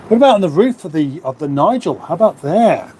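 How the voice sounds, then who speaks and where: A man's voice: fairly high pitch, sing-song, brisk, dark tone, slight background noise. A middle-aged man from England hosting a casual livestream from his lockup garage, chatting and reading out viewer comments with self-mocking, rambling asides. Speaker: livestream host. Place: lockup garage in front of a fridge.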